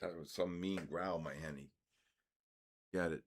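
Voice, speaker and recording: Excitable older man calling markets live. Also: deep voice, unhurried, slight background noise. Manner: excitable, exclaims and mutters at the markets. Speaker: trading livestream host. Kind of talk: casual live trading commentary.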